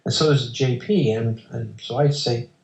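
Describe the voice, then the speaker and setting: A man's voice: medium pitch, moderate pace, vocal fry, darkish tone. Insistent man telling his story, echoey room. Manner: emphatic, insistent storyteller who acts out exchanges. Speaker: interview guest. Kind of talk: telling a personal story in conversation. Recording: roomy echo.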